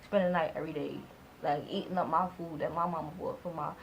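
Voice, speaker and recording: A woman in her twenties telling a storytime vlog in a casual, animated way, acting out both sides of conversations and filling her speech with "like". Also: low voice, fast talker, a little hiss or hum, poor audio. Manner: heavy use of "like" as filler. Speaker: vlogger.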